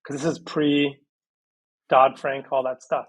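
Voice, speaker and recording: A man in his thirties, a podcast guest on a video call, telling his story in a lively, casual way and acting out past conversations. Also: medium pitch, a little slow, rough recording.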